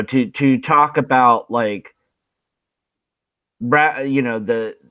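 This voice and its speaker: A man hosting a casual live group chat, giggling often and talking in halting restarts. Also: on the low side, dry recording, phone-quality sound. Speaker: host of a live video hangout.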